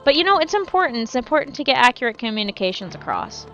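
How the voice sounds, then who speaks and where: Woman streamer with a highish voice, loose, rambly chat full of swearing, faint music under her. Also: sing-song, fast talker, a bit bright, highs cut off. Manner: rambling, swears freely, self-correcting. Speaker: game streamer. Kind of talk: casual live-stream chat while gaming.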